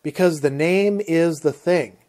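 A man reading aloud the lines of a shy, soft-spoken wizard explaining a truth earnestly. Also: on the high side, unhurried, lightly acted.

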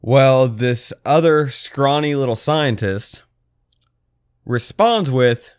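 A man co-hosting a podcast, reacting excitedly and swearing in casual banter about a film. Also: medium pitch, slow pace, clear, resonant tone, no echo, clean studio sound. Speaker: podcast co-host. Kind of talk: casual chat.

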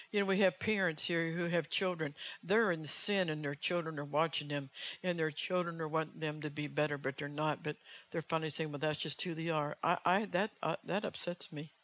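Urgent woman evangelist preaching. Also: low-pitched. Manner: urgent, fervent, many rhetorical questions. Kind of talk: sermon.

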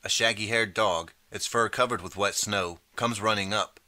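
A man reading a second-person interactive audiobook in steady, measured narration. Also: fairly low pitch, no echo.

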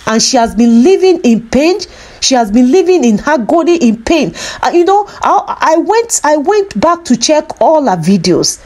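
A woman speaks straight to her subscribers in a high, emotional voice. She pleads earnestly and repeats her points for emphasis, sounding sorrowful. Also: sing-song, a little slow, a little mellow. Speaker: vlogger. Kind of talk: emotional commentary vlog.

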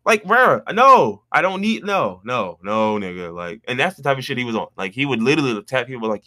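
A man co-hosting a podcast, telling a story in casual chat and jumping into high mimicking voices when he quotes people. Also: big pitch swings, fairly quick, few pauses, sharp tone, dry recording. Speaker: podcast co-host.

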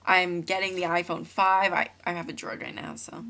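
Young woman vlogging with a bright voice. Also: lowish voice, level tone, moderate pace. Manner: chatty and rambling, with many fillers and restarts. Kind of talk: casual webcam vlog. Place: room at home. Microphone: laptop built-in mic.

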